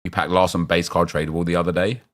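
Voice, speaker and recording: A man's voice: low-pitched, flat delivery, fast, fairly bright tone. A young man chatting casually as he streams a football game, rambling and answering his viewers' chat as he reacts to picks.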